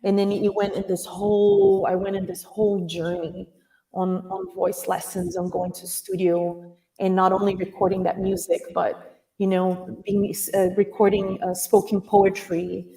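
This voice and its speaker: A woman guest telling a personal story in a casual chat, animated and quick to laugh. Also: mid-range voice, vocal fry, recorded from a distance.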